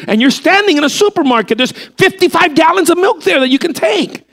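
Guy preaching, high voice, swings up and down a lot, keeps firing off rhetorical questions. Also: fairly quick, few pauses. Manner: animated, full of rhetorical questions. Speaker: pastor. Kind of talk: sermon.

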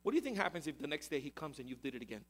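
A man's voice: on the high side, big pitch swings, very fast. A man preaching a sermon, emphatic and repetitive, posing rhetorical questions to the congregation. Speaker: pastor.

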